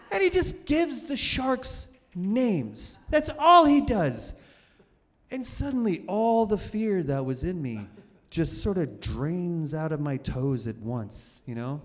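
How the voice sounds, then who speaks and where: Animated male storyteller in a reverberant hall. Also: sits high, unhurried. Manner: animated, vivid, repeats and restarts. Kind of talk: live stage storytelling. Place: cultural center hall, on stage.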